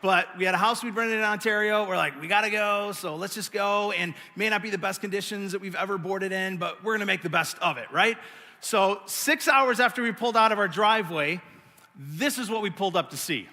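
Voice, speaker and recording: A middle-aged man preaching a sermon, telling stories with animated, self-mocking energy. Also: high voice, fairly quick. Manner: animated storytelling, acting out his own pouting. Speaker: pastor. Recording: long hall reverb.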